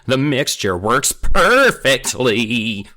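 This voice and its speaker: A man voicing a whiny, nerdy genius boy with a shrill, demanding voice, read aloud from a storybook. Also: huge pitch swings, drawn-out words, fairly bright tone, husky, heavily acted. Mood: smug.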